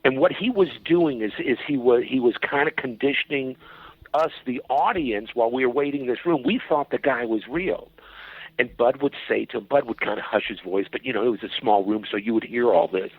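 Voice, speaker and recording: A man telling an anecdote as a podcast guest, animated and profane and acting out voices. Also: mid-range voice, brisk, breathy edge, dry recording. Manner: animated, profane storyteller who acts out voices. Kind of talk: storytelling anecdote. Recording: dull, dry lo-fi.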